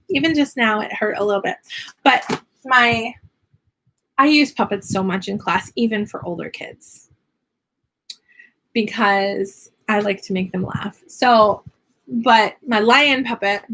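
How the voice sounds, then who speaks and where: A young woman, an online English teacher, chatting casually from her home classroom in an animated way. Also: fairly high pitch, a little hiss or hum. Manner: animated, switches into playful sing-song teaching voices. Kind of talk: casual chat.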